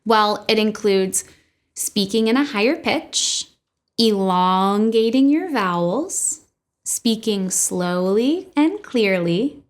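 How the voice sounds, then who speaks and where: A woman speech-language pathologist giving a scripted educational presentation in an upbeat, clear manner. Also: medium pitch, expressive, slow.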